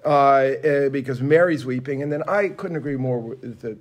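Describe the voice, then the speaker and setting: A man co-hosting a Bible discussion, talking in an expressive way and acting out quotes with big jumps in pitch. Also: moderate pace. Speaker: podcast co-host. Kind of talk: animated conversational Bible discussion.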